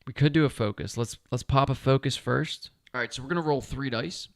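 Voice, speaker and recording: A man's voice: mid-range voice, brisk, creaky, no room sound, clean studio sound. A man talking himself through a solo board game playthrough, chatty and upbeat as he explains each move.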